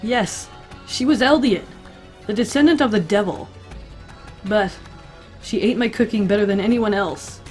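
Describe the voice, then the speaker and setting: Vengeful young cook, voiced by a woman: grim and bitter, low-key. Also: normal speed, pauses often, darkish tone, soft background music, natural voice.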